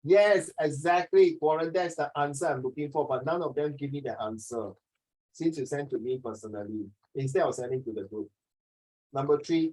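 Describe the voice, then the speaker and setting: Male teacher, fairly high voice, quick and teasing, online class, video call sound. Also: darkish tone, rough recording. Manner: fast, joking, sprinkles "ah" and "okay". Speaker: English teacher.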